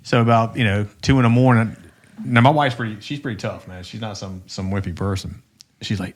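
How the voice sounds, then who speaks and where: A man's voice: lowish voice, normal speed. Rambling profane man telling stories. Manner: rambling, profane, frequent restarts. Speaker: podcast co-host. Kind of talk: casual storytelling chat.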